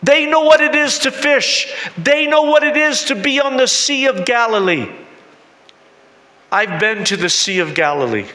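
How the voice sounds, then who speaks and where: A man preaches in a high, bright voice, taking his time as he tells the story with drama and questions for the congregation. His words carry a long reverb from the church hall. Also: animated, measured pace. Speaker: missionary preacher. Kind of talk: sermon with storytelling.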